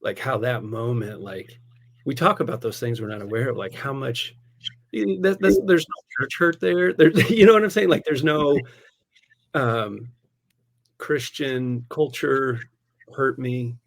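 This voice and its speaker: A man who is a pastor, telling a personal story in casual conversation. He is animated, laughs often and fills his speech with "like" and "man". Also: mid-range voice, a little slow, vocal fry. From United States. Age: adult, a parent.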